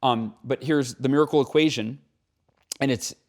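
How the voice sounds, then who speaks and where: A man in his forties, a guest author speaking in a casual interview, earnest and animated, acting out quotes as he tells stories. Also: medium pitch, normal speed.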